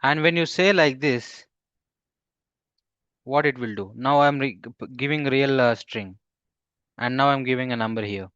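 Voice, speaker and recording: Halting male coding instructor, lo-fi. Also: medium pitch, fairly bright tone, smooth, no echo. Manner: halting, with frequent fillers and restarts; quizzes the class with questions. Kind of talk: live coding class.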